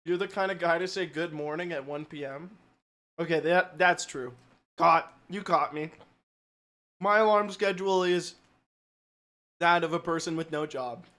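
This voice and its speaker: A man's voice: a little high, a little slow, pauses often, sharp tone. A man streaming live, chatting casually, poking fun at himself and answering his chat. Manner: joking, self-mocking, reacts to chat.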